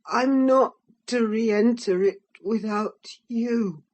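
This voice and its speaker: A woman's voice: fairly high pitch, slow, a little mellow, pitched above the performer's own voice. A woman voicing a sickly, terrified young man who pants and stammers as he begs, in an audiobook reading. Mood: frightened, pleading. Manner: panting, faltering, stammering.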